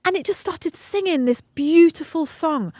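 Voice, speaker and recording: A woman's voice: very high-pitched, moderate pace, dark tone, no room sound, studio quality. A middle-aged woman co-hosting a casual podcast, telling stories in an effusive, emotional way, recorded outdoors at home. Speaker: podcast co-host.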